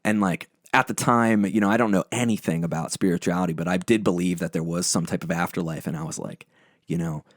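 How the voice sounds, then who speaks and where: A young podcast guest, lead singer of a band, speaks in a low, steady voice at a quick pace. He swears heavily and tells personal stories with blunt, intense emotion in casual conversation, recorded dry with studio quality.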